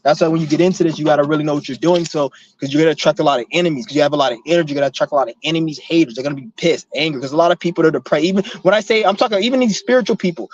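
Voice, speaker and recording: A man's voice: a little high, rapid-fire, few pauses. A man ranting casually to camera, rambling and emphatic, swearing a lot. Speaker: vlogger preaching breatharianism. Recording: dull lo-fi dry sound.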